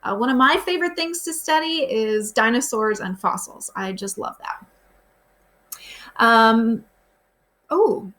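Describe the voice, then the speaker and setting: Her voice leans high and fairly bright, and she speaks a little slowly, leaving long pauses. The grade-school teacher patiently walks her pupils through the day's lesson in a recorded remote session, posing simple questions to them.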